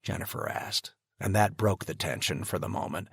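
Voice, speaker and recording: A man narrating an audiobook in a steady, even storytelling manner. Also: low-pitched, normal speed, creaky, hardly any pauses, husky, no echo, clean studio sound. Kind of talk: scripted narration.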